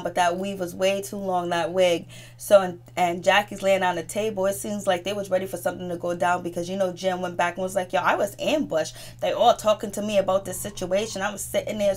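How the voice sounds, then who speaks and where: A woman's voice: medium pitch, a little mellow. A woman giving a casual, gossipy recap of a reality TV episode, talking in a chatty way with frequent restarts. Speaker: TV recap host.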